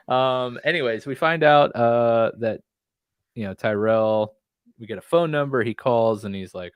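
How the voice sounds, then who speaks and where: A man's voice: medium pitch, a little slow, smooth, no room sound. A man co-hosting a casual podcast, animatedly retelling scenes from a TV episode and acting out lines. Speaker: podcast co-host. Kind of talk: casual chat recapping a TV episode.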